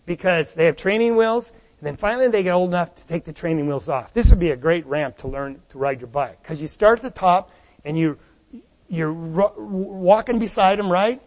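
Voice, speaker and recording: A man preaching a sermon as pastor, animated, with rhetorical questions to the congregation. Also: high voice, moderate pace, long reverb tail.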